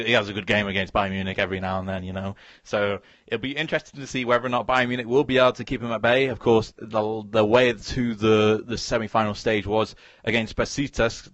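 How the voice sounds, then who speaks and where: A man's voice: fairly low pitch, fairly bright tone, no room sound, lo-fi sound. A man hosting a casual football chat, stumbling over words and putting questions to his co-host. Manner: halting, restarts words, asks questions. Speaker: podcast host.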